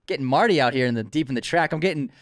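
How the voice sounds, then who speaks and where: A male podcast co-host chats casually in an ordinary middle-pitched voice, full of enthusiasm. He teases his co-host playfully, and the recording sounds dry and close. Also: animated, very fast, no echo. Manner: enthusiastic and teasing. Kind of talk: casual chat.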